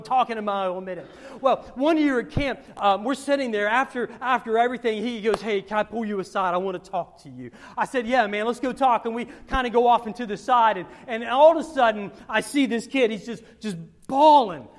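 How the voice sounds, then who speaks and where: A male pastor delivers a sermon in a high-pitched voice, wandering through personal stories. He repeats words and swings between loud bursts and hushed moments.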